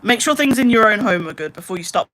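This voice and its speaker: Young female streamer, bright forceful voice, exasperated ranting, casual chat with viewers. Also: medium pitch, expressive, fast talker. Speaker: live streamer.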